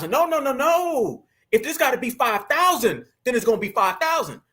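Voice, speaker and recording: A man's voice: very high-pitched, sing-song, brisk, sharp tone, husky. A man hosting a fired-up online commentary, emphatic and preachy, calling his viewers family.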